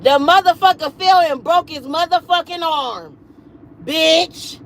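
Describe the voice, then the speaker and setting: A woman in her late thirties telling a story on a livestream in an animated, emphatic, foul-mouthed way. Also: very high voice, unhurried, slight background noise, low-quality recording. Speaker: livestream host.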